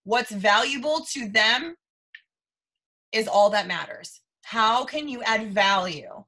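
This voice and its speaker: A woman's voice: on the high side, expressive, slow pace, bright, forceful tone. A woman in her thirties talking to her team in a live video, emphatic and repetitive, often saying "you guys.". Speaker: team leader. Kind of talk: motivational live stream.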